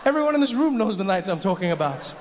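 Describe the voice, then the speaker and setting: A man's voice: high voice, sing-song, quick pace, darkish tone. A man performing a stand-up comedy set on a large stage, telling stories animatedly and jumping into character voices. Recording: stage mic with long hall reverb, faint hiss.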